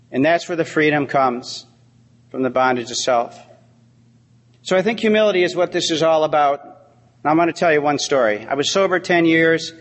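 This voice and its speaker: A middle-aged man giving an AA talk, telling a story from his sobriety with heartfelt, dry humor. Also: a little high. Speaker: AA speaker. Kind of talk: recovery talk. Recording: long hall reverb.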